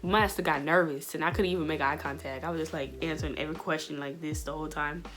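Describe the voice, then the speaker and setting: A woman's voice: low voice, steady tone, quick pace, a bit bright, faint music behind. A young woman vlogger telling a personal story in a casual, slangy way, full of fillers. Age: young adult. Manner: chatty, slangy, many fillers.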